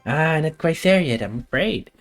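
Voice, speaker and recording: A man's voice: a little high, animated, normal speed. A man voicing a pompous male professor in a theatrical put-on accent, reading game text in a stilted, formal way. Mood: explaining. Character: pompous male professor, with a mad-scientist cartoon-villain tinge. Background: faint game music.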